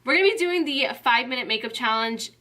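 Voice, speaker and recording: A young woman with a high, bright voice chats casually to her camera as a vlogger. She sounds giggly and flustered and keeps exclaiming. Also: lively intonation, quick pace. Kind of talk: casual chat.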